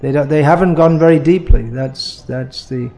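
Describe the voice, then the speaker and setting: A man teaching in a question and answer talk, his voice mellow and a touch higher than most. He explains in a measured way and often restarts his sentences as he works a point through. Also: gravelly.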